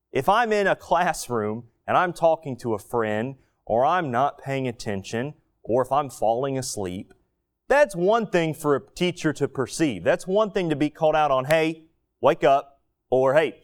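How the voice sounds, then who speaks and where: A man delivers an expository sermon in a voice pitched a little above the usual, swinging widely up and down as he tells the story. He brings the scene to life by acting out what people might be thinking. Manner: vivid storytelling, acting out inner thoughts. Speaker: preacher.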